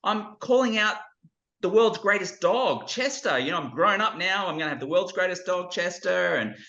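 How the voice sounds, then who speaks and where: A man's voice: high-pitched, animated, normal speed, sharp tone, voice pushed up, heavily acted. A man voicing an eager, exclaiming eight-year-old boy as he retells a film scene, recorded with a dull, roomy sound. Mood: excited.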